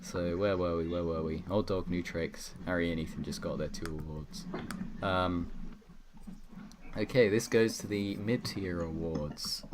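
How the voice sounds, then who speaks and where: A man's voice: low-pitched, fairly even intonation, unhurried, background noise. A young man hosting a podcast over an online call, rambling and self-correcting as he hands out jokey awards. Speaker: podcast host presenting awards. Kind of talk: casual chat on an online call.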